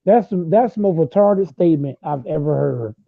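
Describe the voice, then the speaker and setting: A young man in his late twenties argues football with loud, repeating trash talk. His voice sits high and gravelly. The sound is thin and tinny, like a phone line. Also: animated, normal speed, dry recording. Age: late 20s. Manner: loud, repetitive, trash-talking. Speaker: host. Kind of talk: heated casual sports argument.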